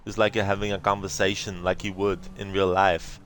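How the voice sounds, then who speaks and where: Deep-voiced chatty let's play host. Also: male voice, level tone, a little fast, hardly any pauses, fairly bright tone, slight background noise. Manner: chatty, rambling, laughing asides. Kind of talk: casual gameplay commentary.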